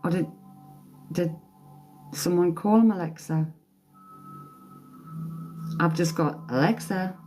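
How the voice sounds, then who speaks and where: Woman, psychic medium, live-stream reading, chatty, unhurried, lowish voice, faint music behind. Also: a little mellow. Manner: chatty, laughs often, relays messages to viewers. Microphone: phone or webcam for a live stream.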